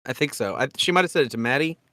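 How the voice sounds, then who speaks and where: A man's voice: medium pitch, racing, pushed and bright. A man co-hosting a podcast, chatting casually and doing playful sing-song mic checks into a desk microphone. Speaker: podcast co-host. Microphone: desk microphone with adjustable gain.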